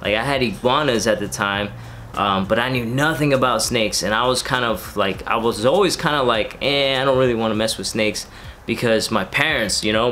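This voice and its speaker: A man in his thirties telling a personal story in a rambling, casual way, full of fillers and relaxed slang. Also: mid-range voice, a little hiss or hum. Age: 30s. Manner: rambling, filler-heavy, laid-back slang. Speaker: reptile keeper and vlogger.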